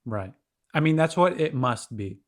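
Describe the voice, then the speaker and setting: A man's voice: medium pitch, expressive, a little slow. Young male podcast co-host, casual and wry, mid-range voice. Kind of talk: casual chat.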